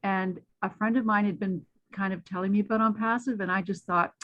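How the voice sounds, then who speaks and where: A woman from Canada tells her story with excitable, chatty energy, slipping into quoted voices as she goes. Her voice sits at a middle pitch. It reaches us through slightly muffled video call audio. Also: brisk, no echo. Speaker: webinar guest speaker. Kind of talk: enthusiastic testimonial on a video call.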